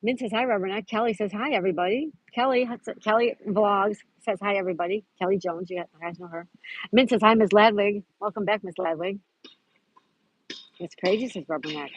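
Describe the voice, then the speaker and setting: A woman's voice: medium pitch, brisk, breathy edge, rough recording. A woman hosting a casual live stream outdoors at a park, chatting and greeting viewers by name as she reads their comments. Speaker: livestream host.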